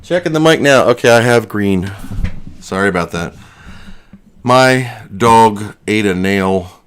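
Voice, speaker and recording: A man's voice: fairly low pitch, expressive, takes it slowly, fairly bright tone, slight background noise. A man hosting a casual livestream, out of breath, rambling and joking at his own expense. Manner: rambling, self-deprecating, jokey. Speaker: livestream host.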